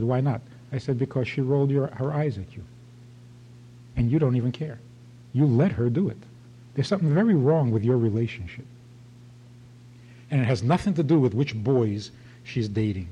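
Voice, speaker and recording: A man's voice: mid-range voice, warm tone, slightly rough, low-quality recording. A man giving a spoken religious talk, telling stories and stressing points by repeating them. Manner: emphatic, storytelling, repeats phrases for stress.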